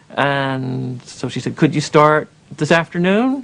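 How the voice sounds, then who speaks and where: Gravelly guy telling his story casually, does little voices for the people he quotes. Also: medium pitch, moderate pace, hardly any pauses, a little hiss or hum, low-quality recording. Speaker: interviewee, former prisoner. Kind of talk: documentary interview.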